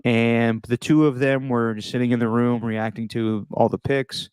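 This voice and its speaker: A man hosts a relaxed sports chat in a mid-range voice and talks loosely while he reacts. He laughs easily and breaks into quick impressions when he quotes someone. The room is dry and close, with no echo. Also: mid-range voice, clear, resonant tone. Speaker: podcast host. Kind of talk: casual chat.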